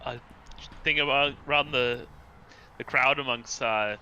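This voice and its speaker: A man playing a tabletop game, speaking haltingly as he searches for words. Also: mid-range voice, pushed and bright, lo-fi sound, slight background noise. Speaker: player. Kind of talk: casual tabletop play.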